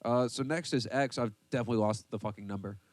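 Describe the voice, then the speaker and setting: A man's voice: medium pitch, quick pace, darkish tone. Swearing man reading out a list. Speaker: podcast host reading a list. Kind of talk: casual banter with heavy swearing.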